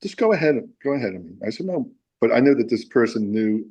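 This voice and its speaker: A man's voice: medium pitch, fast talker, dark tone, slightly rough, low-quality recording. A man being interviewed about his music, telling a long, rambling anecdote with many restarts. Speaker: musician guest. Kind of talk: casual interview storytelling.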